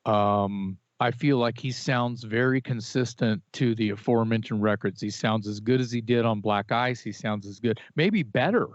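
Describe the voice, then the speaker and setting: A man's voice: on the low side, normal speed, few pauses, dry recording. A man talks music with plenty of opinion, circling back on his words as he goes. His recording is dry and a bit muffled, like a home podcast setup. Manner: opinionated, animated, with restarts and fillers. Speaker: podcast co-host. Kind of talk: casual music chat. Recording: dry, slightly dull podcast audio.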